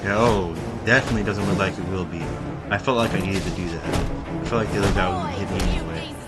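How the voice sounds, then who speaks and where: A man's voice: sits low, fast. Rambling man narrating gameplay over music. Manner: rambling, talks straight to viewers, swings into excited exclamations. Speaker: gameplay commentator. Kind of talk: casual let's-play commentary.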